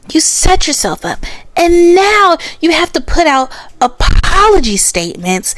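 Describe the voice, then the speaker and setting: A woman hosting a podcast, giving blunt, sassy, animated pop-culture commentary. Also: very high-pitched, unhurried. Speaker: podcast host.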